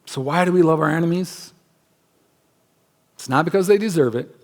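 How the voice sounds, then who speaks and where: Male pastor, higher-pitched, conversational but emphatic sermon delivery with playful asides. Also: moderate pace, a little mellow. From United States. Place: church sanctuary.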